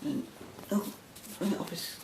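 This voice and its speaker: Scottish woman, casual crafting chat, self-deprecating, meandering, echoey room, faint rumble. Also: measured pace, darkish tone. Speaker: crafting video podcaster. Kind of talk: casual show-and-tell chat. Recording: roomy echo, faint rumble.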